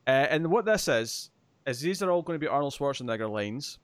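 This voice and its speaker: A man's voice: medium pitch, animated, fairly quick, clear, resonant tone, dry recording. A man hosting a casual trivia game on a podcast, teasing the players and laughing often. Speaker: quiz host.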